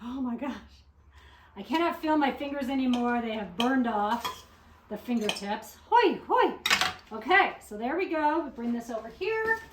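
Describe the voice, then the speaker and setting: A woman's voice: on the high side, animated, moderate pace. A woman filming a casual home cooking video, chatting and joking with herself as she works in her kitchen. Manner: chatty, self-mocking, talks to herself while cooking. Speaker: cooking vlogger. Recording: clear kitchen noise behind. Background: clattering dishes and pans.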